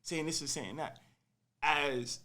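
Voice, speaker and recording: A young man casually telling a personal story on a podcast, animated and full of slang, acting out what people said. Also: fairly high pitch, slow. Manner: animated, slangy, acts out quotes.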